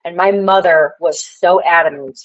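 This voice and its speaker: A woman's voice: lowish voice, fairly even intonation, moderate pace. Woman ranting on a livestream, slightly muffled. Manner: rambling, addresses the chat directly. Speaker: livestream guest. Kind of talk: casual livestream rant.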